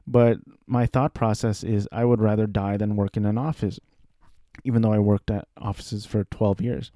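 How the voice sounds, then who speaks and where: A man in his thirties talking casually about his life, rambling and self-deprecating, with halting restarts. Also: mid-range voice, warm tone, no room sound, clean studio sound. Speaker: aspiring voice actor. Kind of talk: casual personal monologue.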